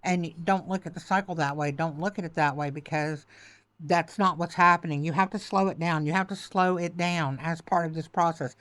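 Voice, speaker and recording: A woman's voice: fairly low pitch, steady tone, moderate pace, a bit bright, no room sound. Tearful woman giving tarot reading. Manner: emotional, reassuring, repetitive, says "okay" and "baby". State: close to tears. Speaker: tarot reader.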